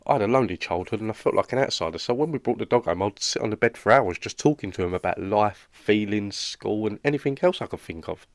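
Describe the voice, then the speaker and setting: A man's voice: on the low side, animated, fast, few pauses, no room sound, clean studio sound. A man voicing a lonely, awkward young roommate in a cartoon, speaking with a British accent in an earnest, rambling way. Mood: glum. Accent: British English. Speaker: cartoon character. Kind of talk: animated comedy dialogue.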